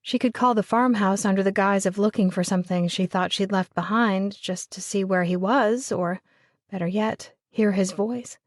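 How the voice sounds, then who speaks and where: A woman narrates a romance audiobook in a steady, even storytelling voice. Her pitch sits in the middle, and the recording is close and dry. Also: moderate pace, no room sound. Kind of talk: scripted narration.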